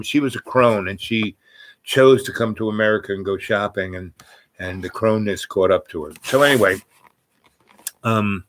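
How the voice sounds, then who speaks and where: A man with a somewhat low voice tells a personal story in a loose, casual way. He wanders off on tangents and restarts his sentences often, and at times he sounds close to tears. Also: a bit bright, poor audio. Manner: rambling, digressive, with many restarts; emotional, near tears at times.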